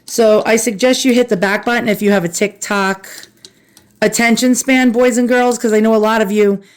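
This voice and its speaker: She's a New York-accented antiques vlogger, chatting easily and self-deprecatingly with viewers while cleaning a piece at home. The voice is a little high, with fairly even intonation and a moderate pace.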